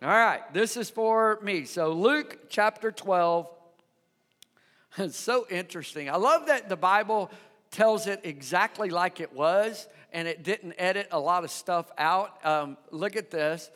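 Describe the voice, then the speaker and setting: A male pastor preaching a sermon in an animated, conversational way, often asking the congregation questions. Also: high voice, takes it slowly, long reverb tail. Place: church sanctuary.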